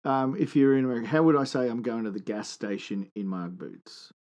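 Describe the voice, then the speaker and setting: A man's voice: medium pitch, expressive, fast talker, a little mellow. A man with an Australian accent, co-hosting a podcast and trading teasing jokes in casual banter. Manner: joking, teasing. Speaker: podcast co-host.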